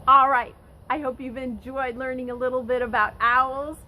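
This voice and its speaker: A woman nature educator giving an expressive lesson to children, speaking directly to her young listeners. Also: high voice, normal speed, a little hiss or hum, rough recording.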